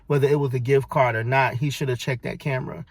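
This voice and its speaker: A man's voice: medium pitch, fairly even intonation, quick pace, dry recording. A man co-hosting a casual podcast, explaining things bluntly and matter-of-factly with a lot of profanity. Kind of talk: casual chat.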